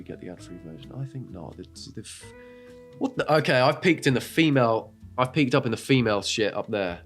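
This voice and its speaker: A man hosting a reaction video, cracking sarcastic, crude jokes in casual commentary into a desk microphone. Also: on the low side. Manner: sarcastic, crude joking asides.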